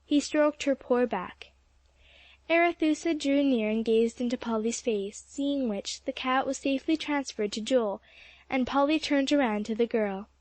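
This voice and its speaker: A woman's voice: high-pitched, measured pace, darkish tone, no echo. A woman reading an audiobook aloud as narrator, telling the story steadily. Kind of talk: scripted narration.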